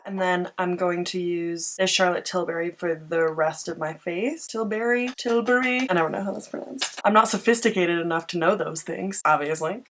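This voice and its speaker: A woman's voice: lowish voice, steady tone, normal speed, hardly any pauses, fairly bright tone. A young woman talking through a makeup tutorial in a chatty, self-mocking way. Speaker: beauty vlogger.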